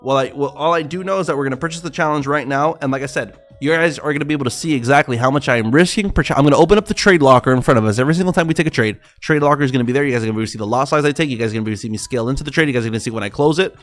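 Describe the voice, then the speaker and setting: A man's voice: mid-range voice, very fast, hardly any pauses. A young man, rambling and swearing as he chats with his livestream viewers about trading. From South Florida. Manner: rambling, profane, excitable, talks to chat. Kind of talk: casual livestream chat.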